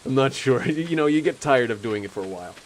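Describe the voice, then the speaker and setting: A man's voice: mid-range voice, lively intonation, fast, a little hiss or hum, poor audio. A young man streaming a game, chatting casually, rambling and laughing often. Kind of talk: casual chat while playing a game.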